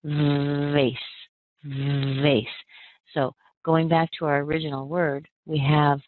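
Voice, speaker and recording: Low-voiced American woman teaching pronunciation. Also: level tone, dry recording. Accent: General American. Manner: slow, careful enunciation of sounds. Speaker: accent trainer. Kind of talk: pronunciation lesson. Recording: narrow phone-like sound.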